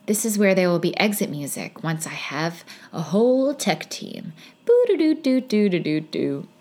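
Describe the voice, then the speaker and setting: A woman's voice: on the low side, animated, moderate pace, breathy edge. A young adult woman hosting her own podcast, talking casually and candidly, with self-deprecating asides. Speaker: podcast host. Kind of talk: casual solo podcast monologue.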